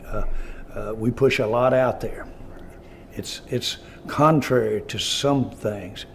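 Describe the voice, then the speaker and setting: An older man giving a halting press statement, full of fillers. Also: medium pitch, gravelly, a little hiss or hum. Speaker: team owner at press event.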